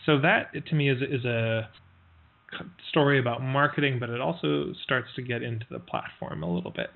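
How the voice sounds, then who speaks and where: A man teaching an online workshop, telling a parable in a relaxed, halting way with many fillers and brief voiced quotes. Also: mid-range voice, vocal fry. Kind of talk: storytelling in a live online lesson. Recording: tinny phone-like line.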